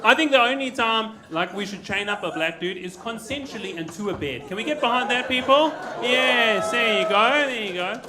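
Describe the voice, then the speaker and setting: A man's voice: high voice, lively intonation, normal speed, few pauses, a crowd in the background. A man from South Africa with a South African accent performing a laid-back stand-up set at a comedy club, tagging lines with "you know" and "eh". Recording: echoey club with audience noise.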